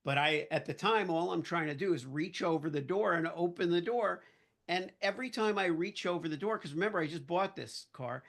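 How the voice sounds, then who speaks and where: A man guest on a podcast, telling a casual anecdote in an animated way and acting out the voices of the people in it. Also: a little high, vocal fry. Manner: animated storyteller who acts out quoted voices.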